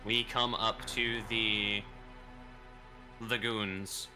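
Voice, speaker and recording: A man narrating as game master of a tabletop game, measured, repeating phrases as he goes. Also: fairly low pitch, little pitch movement, music in the background.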